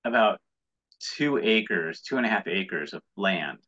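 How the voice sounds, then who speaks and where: An American entrepreneur, appearing as a guest in a casual interview, speaks in a low, expressive voice that sounds pushed and bright, without rushing. He rambles earnestly and restarts often, and the lo-fi audio is dull.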